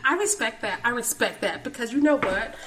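Brief: frank, laughing woman co-host in a loose podcast chat, voice sits fairly high. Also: expressive, a little fast, background noise. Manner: frank, laughs often, keeps saying "listen". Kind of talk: casual film discussion.

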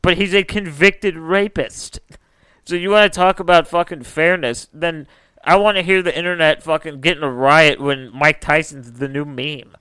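A man's voice: on the high side, steady tone, moderate pace, pushed and bright, clear, resonant tone, dry recording, low-quality recording. A young man co-hosting a casual podcast in his own house, ranting heatedly and swearing, on his own microphone by a laptop. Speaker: podcast co-host.

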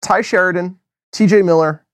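An American man co-hosting a podcast, talking through a film review in a rambling, animated way with many fillers and restarts. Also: sits high, moderate pace, clean tone, dry recording. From United States. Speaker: podcast co-host. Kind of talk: casual film review chat.

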